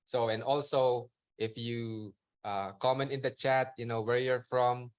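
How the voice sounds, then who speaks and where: A man's voice: medium pitch, fairly even intonation, unhurried. A man co-hosting a live podcast, speaking in an upbeat, promotional way. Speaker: podcast co-host.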